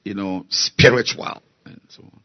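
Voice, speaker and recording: A man preaching a sermon, slow and emphatic, repeating key words and building to loud exhortation. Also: on the low side, steady tone, muffled recording. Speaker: pastor.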